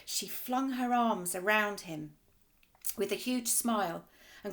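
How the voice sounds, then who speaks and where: A female teacher reading a children's storybook aloud in an expressive, lively way. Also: medium pitch, slow.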